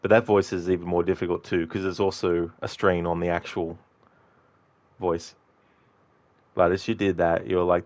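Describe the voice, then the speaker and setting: A man's voice: deep voice, normal speed, pauses often, no room sound. A man streaming a game, rambling casually to his viewers, answering them and swearing freely. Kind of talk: casual live-stream chat.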